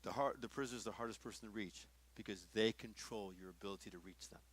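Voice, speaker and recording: A man's voice: lowish voice, quick pace, husky. An older man and pastor, teaching a workshop audience in a sermon style and telling stories in which he acts out the dialogue. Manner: storytelling, acting out dialogue with shifts in loudness.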